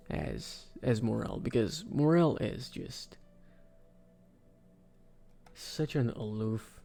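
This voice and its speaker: A man giving casual, rambling commentary for a video, with sudden excited outbursts. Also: fairly low pitch, vocal fry. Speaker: video creator. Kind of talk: casual commentary ranking game characters.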